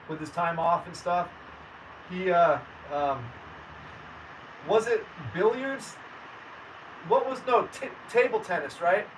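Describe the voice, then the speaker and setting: A man's voice: high voice, fairly bright tone. Chatty man streaming, mic off a bit. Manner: friendly, chatty, addresses viewers by name. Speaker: livestream host. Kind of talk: casual livestream chat reading comments. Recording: distant mic with faint background noise.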